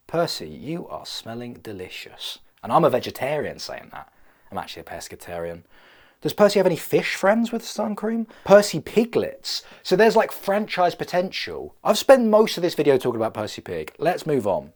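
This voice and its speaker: Young man, comedy vlog, rambling, self-mocking, very animated pitch. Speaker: vlogger.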